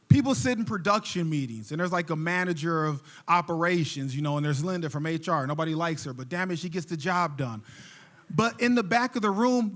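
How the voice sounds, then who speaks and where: A young man working a stand-up set on a theater stage with a noticeably high voice. He tells animated, jokey stories to the room. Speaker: stand-up comedian.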